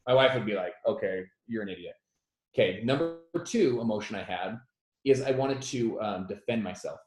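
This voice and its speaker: A man in his thirties telling a personal story as a motivational speaker, animated and self-deprecating, who acts out the quotes loudly. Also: mid-range voice, normal speed, roomy sound, low-quality recording. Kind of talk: storytelling talk.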